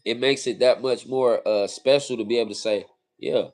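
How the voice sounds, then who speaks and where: A man's voice: mid-range voice, moderate pace, a little mellow. A man from California co-hosting a casual livestream, talking earnestly and often repeating phrases. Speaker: livestream co-host.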